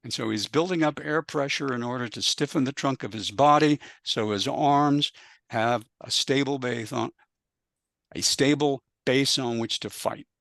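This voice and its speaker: A man speaking as a panelist, explaining a process step by step in a measured way and walking through examples. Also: mid-range voice, creaky, fairly bright tone, no echo, studio quality.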